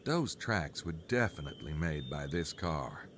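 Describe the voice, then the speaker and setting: Casting: a wry, deep-voiced game detective with a lazy drawl, lively delivery, faint ambient hiss. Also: male voice, unhurried, heavily acted. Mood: dry. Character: wry male detective hero with a drawling put-on Southern accent.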